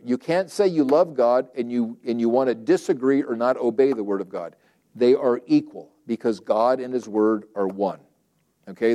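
A man's voice: medium pitch, warm tone. A man preaching a sermon in a conversational way, acting out quoted prayers and objections and often restarting phrases.

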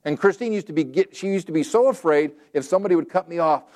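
A man's voice: on the high side, lively intonation, fast, darkish tone. A man preaching a sermon in a conversational, folksy way, acting out quotes and repeating phrases for emphasis. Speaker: pastor.

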